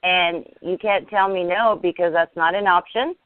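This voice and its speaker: A woman speaking as an interview guest, earnest and halting, often restarting her sentences. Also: on the low side, fairly even intonation, no room sound. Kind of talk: casual interview chat. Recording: tinny dry phone line.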